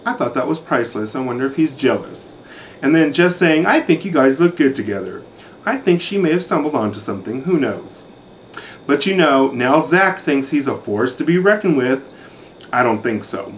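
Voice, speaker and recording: A man's voice: mid-range voice, animated, normal speed, slight background noise. A man giving a sassy, catty recap of a reality show in a campy, sarcastic manner.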